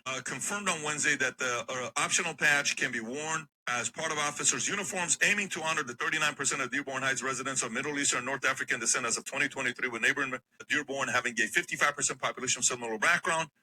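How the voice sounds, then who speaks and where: A man's voice: mid-range voice, quick pace, hardly any pauses, pushed and bright, slight background noise, low-quality recording. A man hosting a podcast, reading a news item aloud with fillers and small stumbles. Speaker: podcast host.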